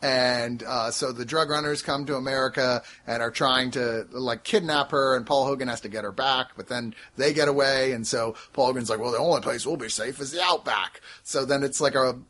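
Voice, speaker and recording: A man's voice: mid-range voice, moderate pace, hardly any pauses. A man co-hosting a casual podcast, recapping and reviewing movies in a wry, storytelling way. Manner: animated, wry storytelling with frequent laughs. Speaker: podcast co-host.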